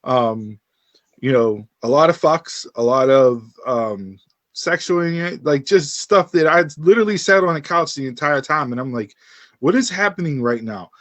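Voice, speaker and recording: Male podcast host, slightly higher voice, dry close sound, animated storyteller. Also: normal speed, no room sound. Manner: animated storyteller, acts out quotes. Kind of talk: casual podcast chat.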